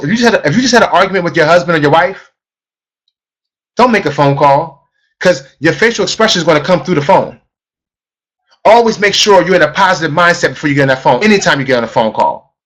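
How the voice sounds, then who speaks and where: A middle-aged man giving an energetic sales training talk, emphatic and repetitive, often asking the audience questions. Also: high-pitched. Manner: emphatic, repeats himself, asks the audience questions. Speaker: network marketing trainer.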